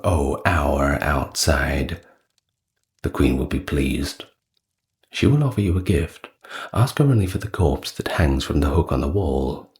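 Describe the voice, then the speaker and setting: A man voicing a wise, solemn father god in a soft storytelling read. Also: a bass voice. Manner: grave and solemn, giving commands.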